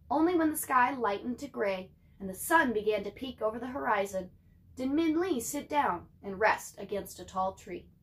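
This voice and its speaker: A young woman, a teacher, reading a chapter book aloud to her class with animated, chatty asides to her students. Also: fairly high pitch.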